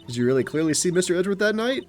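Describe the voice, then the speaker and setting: A man's voice: sits high, very animated, racing, faint music behind, pitched above the performer's own voice. A man voicing an earnest young defense lawyer who presses his questions.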